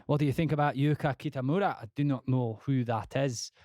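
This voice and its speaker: Swearing composer chatting on stream. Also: male voice, mid-range voice, brisk, dry recording. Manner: swearing, self-mocking, talking to chat while working software; putting on a mock Scottish accent. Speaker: composer streaming his work. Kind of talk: casual livestream chat.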